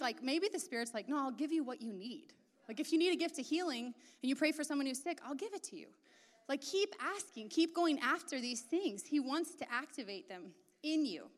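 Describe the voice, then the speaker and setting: In a large, reverberant hall, a woman with a high, fairly bright voice preaches casually. She chats her way through, adding many asides and filler words.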